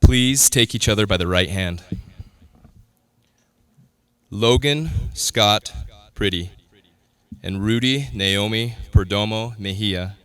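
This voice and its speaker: A man with a fairly low voice officiates a wedding ceremony, speaking in a measured, formal and solemn way. His voice is smooth and resonant, and the recording is dry and close. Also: sharp tone, no echo.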